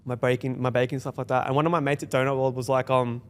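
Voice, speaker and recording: A man's voice: mid-range voice, clean tone. A young Australian man telling his own story in a casual podcast chat, acting out other people's lines as he goes. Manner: fast, animated storytelling with quoted dialogue. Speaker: guest, business founder.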